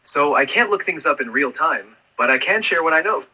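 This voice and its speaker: A man's voice: a little high, animated, fairly quick, pushed and bright, slightly rough, rough recording. A man's synthetic assistant voice, friendly and upbeat in casual chat, ending turns with questions. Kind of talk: conversational AI chat.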